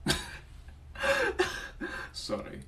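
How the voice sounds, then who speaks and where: A man voicing a genteel, menacing British gentleman from the 1800s, in a whispered role-play with a silky, possessive, threatening manner. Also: medium pitch, measured pace, poor audio. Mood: whispered menace.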